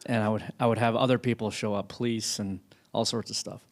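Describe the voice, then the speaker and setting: A man's voice: fairly low pitch, steady tone, fairly quick. A man in the church audience answering briefly and matter-of-factly. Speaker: church attendee.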